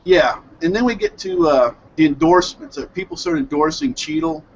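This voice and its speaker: Animated man rambling through an anime recap. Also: a little high, moderate pace, dull audio, a little hiss or hum. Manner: excited rambling recap with many restarts. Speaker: hangout host reviewing anime. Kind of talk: casual group hangout chat. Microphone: headset mic on a video call.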